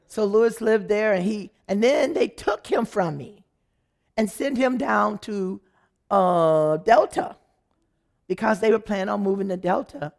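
A woman giving an animated, dramatic personal testimony, acting out the people in her story. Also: mid-range voice, creaky.

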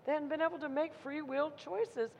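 High-voiced woman preaching in a reverberant hall. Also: moderate pace, vocal fry, a little hiss or hum. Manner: animated, acts out crowd voices with rising intensity. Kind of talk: sermon storytelling. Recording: muffled sound in a reverberant hall.

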